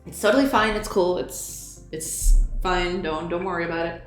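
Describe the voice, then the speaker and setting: A woman's voice: lowish voice, moderate pace. A young woman hosting a game development livestream, greeting viewers and chatting casually, laughing often and tripping over her words. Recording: roomy echo, faint background music.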